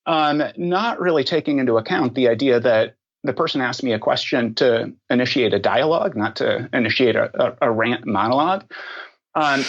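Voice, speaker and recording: A man speaking as a podcast guest, thoughtful and unhurried, with many ums and restarts. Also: medium pitch, dull audio. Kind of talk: casual interview talk.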